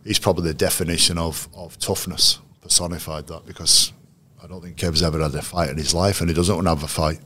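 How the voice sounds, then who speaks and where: A man with a very low, deep voice recalls his players in an unhurried interview. He speaks as a coach, measured and anecdotal, often restarting his sentences as he thinks. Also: fairly even intonation, a bit bright, husky. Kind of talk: interview storytelling.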